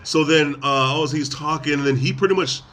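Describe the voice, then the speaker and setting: A man's voice: on the high side, fairly quick, a bit bright. A man hosting a podcast, casually recapping a movie and rambling with lots of fillers and restarts. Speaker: podcast host. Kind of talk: casual movie review chat.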